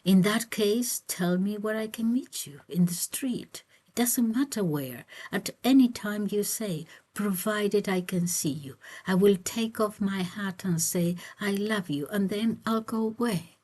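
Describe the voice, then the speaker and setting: A woman reading aloud, voicing an ardent young man who keeps pleading with a married woman in a hushed, whispered voice. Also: mid-range voice, unhurried, hardly any pauses, voice pushed up, natural voice. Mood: pleading ardently.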